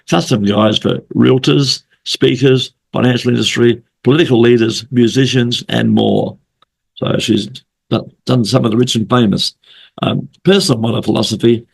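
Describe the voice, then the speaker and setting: A man hosting a casual remote interview, hoarse from a flu, chatty and rambling, often repeating himself. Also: medium pitch. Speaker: interview host. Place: at home late at night, remote call.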